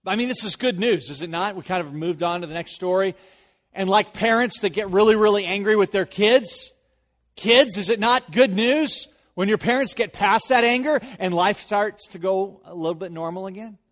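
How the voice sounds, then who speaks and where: A male pastor delivering a sermon in a fairly high voice. He moves between hushed, serious points and energetic, animated storytelling. The sound carries a long reverb from a large hall. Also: normal speed. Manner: animated storytelling, rising loud in anecdotes.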